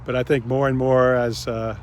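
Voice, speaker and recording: A man hosting his own reflective spiritual vlog, speaking gently and pausing often. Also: medium pitch, level tone, a little hiss or hum. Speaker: channel host.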